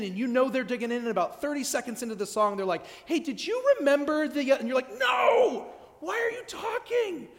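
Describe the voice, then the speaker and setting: A man preaching a conversational sermon in a church at an evening service, humorous and animated, often restarting his sentences. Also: sits high. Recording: long church reverb.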